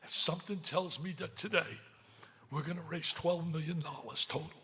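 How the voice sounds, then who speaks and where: An older man giving an emotional gala speech, swinging from loud excitement to hushed pleading, at a podium microphone in a large banquet hall. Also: a little high, moderate pace. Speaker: speaker at a charity gala.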